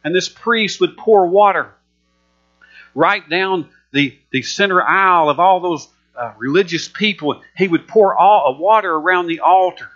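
A man with a high, bright, forceful voice preaches an emphatic, repetitive sermon. The recording is muffled and lo-fi, with a steady mains hum underneath. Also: a little slow.

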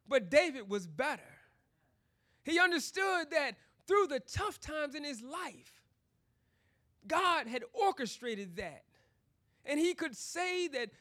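In an extremely high, bright, forceful voice, a man preaching a sermon tells his personal testimony conversationally, peppered with "you know" and "you see." He then builds into emphatic preaching.

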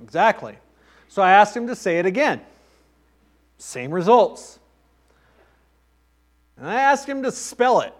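Male pastor, higher-pitched voice, chatty storytelling sermon. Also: very animated, slow pace, long pauses. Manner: conversational, anecdotal preaching with asides to the congregation.

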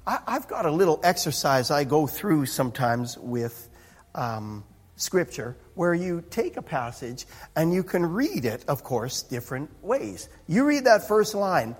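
A man's voice: a little high, big pitch swings, measured pace, breathy edge. A man preaching a sermon as pastor, in a conversational, self-interrupting way with chuckling asides. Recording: reverberant hall.

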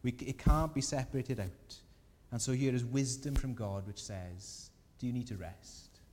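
A pastor delivers an earnest, gentle sermon in a mellow, mid-pitched voice at a moderate pace, his preaching building with rising emphasis. The words echo through a large church hall with long reverb, over a faint low rumble.

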